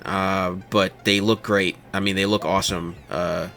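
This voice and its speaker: A man hosting a casual commentary show, giving opinionated, animated takes and mocking other people in quoted voices. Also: low voice, measured pace, vocal fry, faint music behind.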